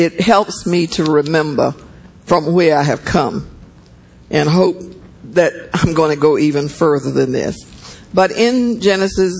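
A man preaches a sermon with a fairly high-pitched voice. He reads scripture aloud and breaks off into conversational asides. He repeats key words for emphasis and checks in with his listeners. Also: low-quality recording.

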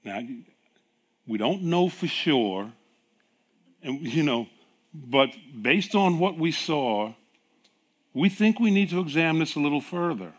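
During his sermon, a middle-aged pastor speaks slowly in a slightly high voice, pausing often. He laughs frequently while telling animated stories with acted dialogue.

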